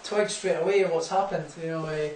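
Recorded from a distance in an echoey room with faint hum, a young boxer from Scotland talks at normal speed in a fairly high, steady, darkish voice. He spins meandering stories in a relaxed interview, with plenty of fillers and laughs.

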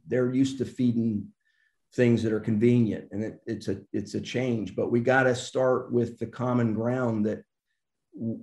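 Guy on a panel, mellow dark voice, kinda hesitant, echoey room. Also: mid-range voice. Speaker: panel host. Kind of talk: panel discussion.

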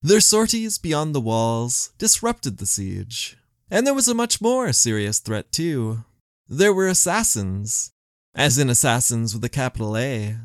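Lively male history podcast narrator. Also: medium pitch, unhurried, no room sound, clean studio sound. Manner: animated storytelling with wry asides.

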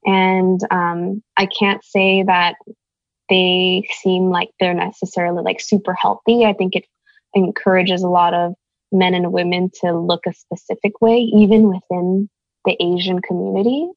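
A woman's voice: on the low side, little pitch movement, a little slow, no room sound, lo-fi sound. A woman raised in the United States, speaking as an interview guest in an earnest, thoughtful way, searching for her words. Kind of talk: reflective conversation.

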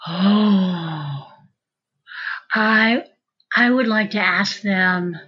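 A woman's voice: medium pitch, extremely slow, slightly rough. A woman in casual conversation, chatty and rambling, often restarting her sentences. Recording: dull lo-fi sound.

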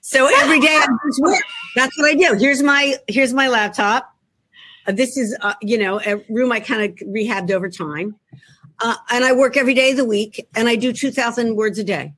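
A woman author with a Philadelphia accent, telling jokey, animated stories in a casual chat. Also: fairly high pitch, brisk. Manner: jokey, animated storyteller, talks to herself. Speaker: author guest.

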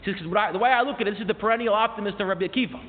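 A man teaching a class, retelling a story with animated rising emphasis and quoting old sources as he goes. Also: sits high, racing. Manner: mixes in quoted source phrases and restarts. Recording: tinny phone-like sound with long hall reverb.

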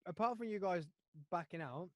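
A man hosting a podcast, chatting loudly and excitedly with friends and teasing them. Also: high-pitched, moderate pace, no echo. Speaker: podcast host. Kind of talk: casual banter with friends.

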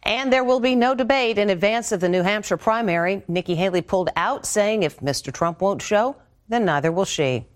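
A woman news anchor reading scripted segment introductions in a brisk, conversational way. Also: medium pitch, lively intonation.

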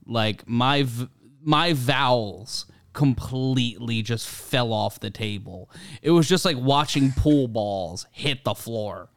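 A man's voice: medium pitch, slow pace, no room sound, clean studio sound. A man from Brooklyn hosting a podcast, chatting casually in a polished broadcaster's way. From Brooklyn, New York. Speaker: podcast host. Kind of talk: casual chat.

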